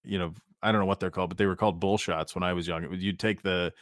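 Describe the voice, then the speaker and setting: A man's voice: sits low, fairly even intonation, very fast, fairly bright tone, dry recording, studio quality. A man co-hosting a podcast, rambling through stories in casual chat and swearing lightly. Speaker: podcast co-host.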